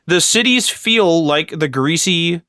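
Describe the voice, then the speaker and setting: Guy cohost rambling about games, kinda high voice, dry sound. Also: expressive, slow, sharp tone, no echo. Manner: rambling, filler-heavy, acts out voices when retelling. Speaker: podcast co-host. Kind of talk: casual chat about video games.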